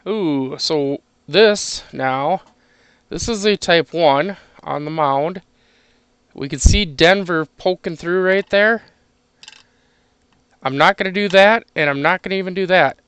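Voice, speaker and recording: A man with a slightly high, smooth voice talks through a coin hunt in an easygoing way. He chats casually and chuckles between remarks. The sound is close and dry. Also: slow pace, a bit bright, no echo. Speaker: coin collector streaming a penny hunt. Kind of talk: casual chat while sorting coins.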